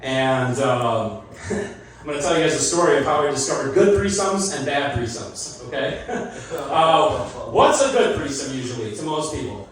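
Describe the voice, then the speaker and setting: A man's voice: medium pitch, sing-song, normal speed, far from the mic. A middle-aged man doing a loose, rambling stand-up comedy set on a club stage, laughing at his own jokes. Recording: echoey club, mic heard from afar, loud crowd.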